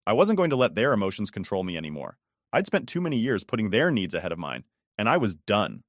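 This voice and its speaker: A man narrating a first-person online story in a measured, steady reading. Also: fairly low pitch, no room sound, clean studio sound.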